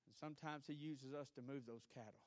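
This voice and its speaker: A male pastor with a Southern US accent preaching a sermon, swinging between shouted exhortation and quiet storytelling. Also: mid-range voice, fairly even intonation, brisk, no room sound. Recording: archived church service.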